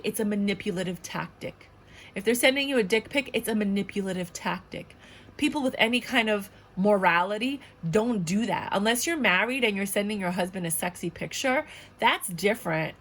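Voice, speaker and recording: Woman doing a tarot reading, blunt, swears a lot, fired up and repeating herself, mid-pitched voice. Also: fairly bright tone, slight background noise. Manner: blunt and outspoken, swears often; emphatic and indignant, repeats points. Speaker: tarot reader. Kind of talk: casual tarot reading for viewers.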